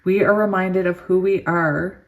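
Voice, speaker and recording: Tarot reader, female, slightly low voice; slow soothing card reading, excitable laughing asides. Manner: giddy and excitable, laughs often. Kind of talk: reading oracle cards aloud with chatty asides.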